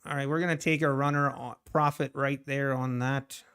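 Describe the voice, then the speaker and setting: A man's voice: mid-range voice, fairly even intonation, moderate pace, a bit bright, clear, resonant tone. A man streaming his trading live, talking to the chart and chatting with viewers between laughs.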